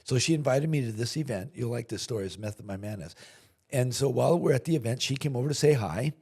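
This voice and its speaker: A man's voice: mid-range voice, animated, quick pace, mellow, breathy edge. A man guesting on a podcast, telling a personal story in a casual way and acting out the dialogue. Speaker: podcast guest, chamber of commerce chairman. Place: podcast studio.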